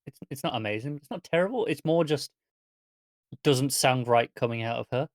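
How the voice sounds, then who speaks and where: A male co-host on a movie podcast, relaxed and chiming in with short comments. His voice sits at an average middle pitch. The sound is dry and close, with no room echo. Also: normal speed. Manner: laid-back, brief remarks. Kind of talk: casual movie review chat.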